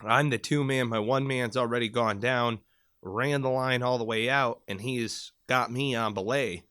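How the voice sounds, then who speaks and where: A man co-hosting a podcast, telling a story in a casual, animated way with plenty of swearing. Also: medium pitch, moderate pace, smooth, no echo, studio quality. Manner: animated, profane, rambling storyteller. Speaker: podcast co-host, former Marine.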